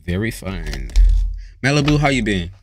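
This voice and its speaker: A man's voice: on the low side, sing-song, normal speed, a little hiss or hum. A man hosting a live tarot stream, chatting casually with viewers, swearing freely and reading their comments aloud. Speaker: tarot reader.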